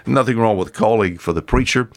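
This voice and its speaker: A man, preaching a short folksy radio devotional that climbs high when he pleads. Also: a little fast.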